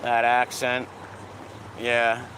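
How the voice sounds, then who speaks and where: A man's voice: medium pitch, completely flat delivery, extremely slow. A middle-aged man from Providence with a Rhode Island accent, chatting casually with viewers while walking his dog on a city street. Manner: rambling, profane, bouncing between greetings and rants. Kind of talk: casual livestream chat with viewers. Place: city street with passing cars. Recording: faint street traffic noise.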